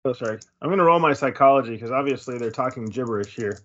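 A man's voice: mid-range voice, expressive, fast, a bit bright, dull audio. Dry, skeptical male player. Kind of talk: casual tabletop play.

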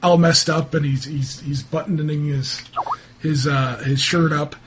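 A man narrating as game master of a tabletop game, halting and full of fillers. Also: a little high, fairly even intonation, noisy background.

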